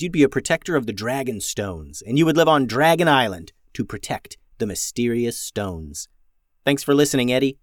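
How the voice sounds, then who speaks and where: A man hosting a children's podcast and narrating a story in a lively, expressive way. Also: medium pitch, no room sound, clean studio sound.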